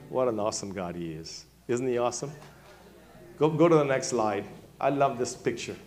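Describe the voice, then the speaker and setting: A male pastor preaching a sermon, calling on members of his congregation by name, swinging from quiet remarks to loud, high-pitched exclamations. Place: church sanctuary.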